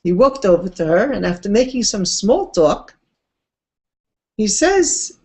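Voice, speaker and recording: Storytelling drives this Torah class, led by a woman teacher. She talks calmly and conversationally, letting her pitch swing expressively and adding casual asides along the way.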